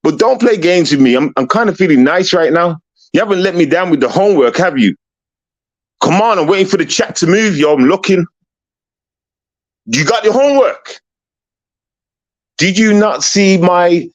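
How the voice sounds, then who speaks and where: A man's voice: high-pitched, moderate pace, long pauses, highs cut off. A man hosting a livestream call-in, confrontational and repetitive, swearing and ranting at a caller. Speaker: livestream host.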